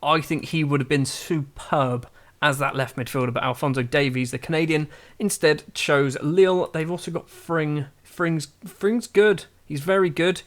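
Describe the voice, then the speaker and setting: A man giving chatty, self-mocking game commentary that gets excitable. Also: a little high, moderate pace. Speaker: gaming YouTuber.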